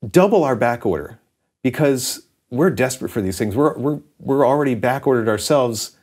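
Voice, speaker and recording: A man voicing a cheerful, obliging male distributor in a breezy, high voice. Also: expressive, moderate pace, a little mellow, natural voice.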